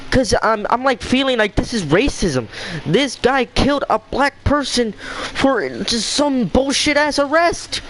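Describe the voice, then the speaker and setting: A man's voice: extremely high pitch, animated, a little slow, a bit bright, a little hiss or hum, poor audio. A young man venting in a heated, swearing rant as a vlogger, repeating himself as he talks. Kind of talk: angry rant to camera.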